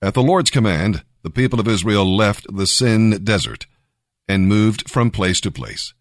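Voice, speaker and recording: A man narrating a scripted devotional Bible reading, measured and emphatic. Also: lowish voice, animated, no room sound, studio quality.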